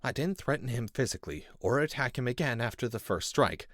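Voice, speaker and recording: A man reading a first-person story in measured, intense scripted narration. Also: no room sound, clean studio sound. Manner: measured and intense, with lively pitch. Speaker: audiobook narrator.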